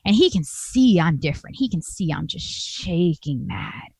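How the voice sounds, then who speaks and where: A woman's voice: medium pitch, big pitch swings, moderate pace, vocal fry, few pauses, dry recording. A woman telling a personal story to an audience, conversational and emphatic, acting out the voices of the people she quotes. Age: adult with a master's degree.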